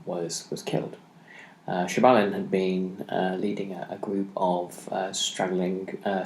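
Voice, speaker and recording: A man's voice: deep voice, vocal fry, a little mellow. A man hosting a history podcast who lectures without a script, stopping often on ums and uhs. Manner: halting, many ums and uhs. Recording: roomy echo.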